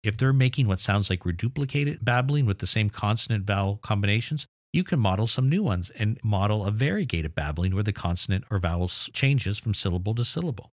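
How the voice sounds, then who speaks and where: Deep-voiced man explaining enthusiastically. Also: no echo, studio quality. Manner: enthusiastic, explanatory, mildly exasperated asides. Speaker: podcast host. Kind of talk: educational podcast talk.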